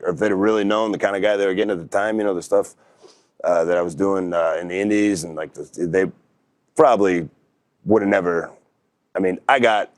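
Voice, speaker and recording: A man's voice: low voice, no room sound. A young man, a podcast guest, telling a story in a laid-back, rambling way with lots of fillers. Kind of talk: casual storytelling.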